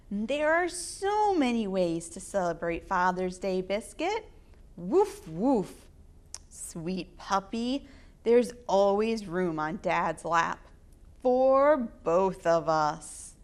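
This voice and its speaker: A woman hosting storytime, reading picture books aloud to children in an expressive, sing-song way. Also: medium pitch. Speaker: storytime reader.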